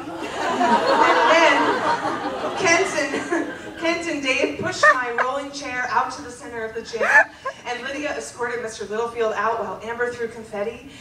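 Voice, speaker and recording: A woman with a high, bright-pitched voice reads her old diary aloud to a live crowd. She is animated and emphatic and keeps slipping into laughter. She sounds far from the mic in a roomy venue, with loud audience laughter and noise around her. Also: normal speed. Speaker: storyteller reading her teenage diary. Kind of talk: live stage reading. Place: stage in front of a live audience.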